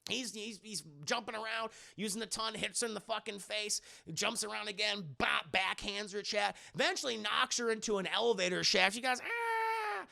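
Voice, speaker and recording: A man streaming a casual, profane scene-by-scene movie recap to his live chat, quickly acting out the characters' lines. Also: sits high, steady tone, vocal fry, sharp tone. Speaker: streamer and film reviewer.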